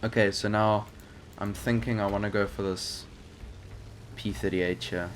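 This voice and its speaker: Young man, gameplay commentary, slow, hesitant, rambling, clear game noise behind. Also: lowish voice, steady tone. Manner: rambling, hesitant, many fillers. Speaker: gaming channel host.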